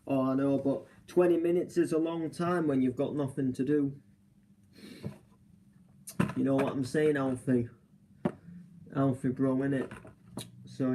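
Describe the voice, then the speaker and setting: A man's voice: medium pitch, dark tone, slight background noise, rough recording. A young man, live streaming casual chat from a hotel room, rambling with lots of fillers and restarts.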